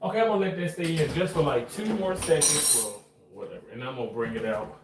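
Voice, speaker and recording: A man with a slightly high voice chats loosely through a home cooking vlog, wandering off-topic and swearing casually. He stands away from the mic in a roomy, echoing kitchen. A faint noise sits behind him. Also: quick pace, far from the mic. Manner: chatty, rambling, casual swearing. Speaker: cooking vlogger.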